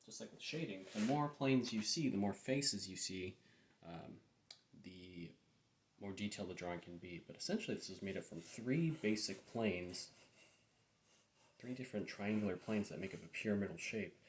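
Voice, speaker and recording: A man with a fairly low voice walks through a drawing demonstration, thinking aloud in a relaxed way and often trailing off softly. The room is echoey, with a faint hiss behind him. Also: moderate pace. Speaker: art teacher.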